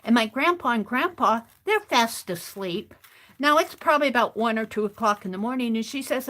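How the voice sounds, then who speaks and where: A woman's voice: a little high, lively intonation, moderate pace, a bit bright. A woman art streamer rambling through a story as she crafts, chatty and full of restarts. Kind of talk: casual storytelling while crafting.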